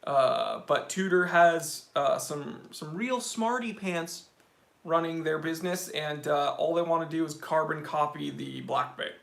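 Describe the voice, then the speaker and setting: High bright-voiced guy chatting about watches on a live stream, echoey room. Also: unhurried, creaky. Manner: opinionated, animated, with fillers. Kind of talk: casual live-stream chat.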